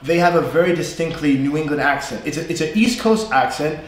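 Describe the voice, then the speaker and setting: A man's voice: on the high side, brisk. A man with a New York accent, teaching English in a chatty live class and checking in with "right?" and "you know". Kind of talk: live online class chat. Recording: echoey room.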